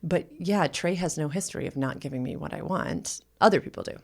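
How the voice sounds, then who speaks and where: Female podcast host and sex educator, low creaky voice, raw confessional delivery with hushed asides. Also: a little fast. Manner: emotional, often drops to a whisper. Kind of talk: personal storytelling.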